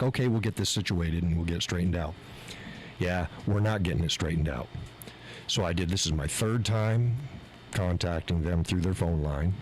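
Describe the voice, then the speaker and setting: A man's voice: low voice, slight background noise, low-quality recording. A man hosting his live show, telling an exasperated story with swearing and rising heat. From USA. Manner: animated, exasperated, swears freely. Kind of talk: casual storytelling rant. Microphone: mixer board mic.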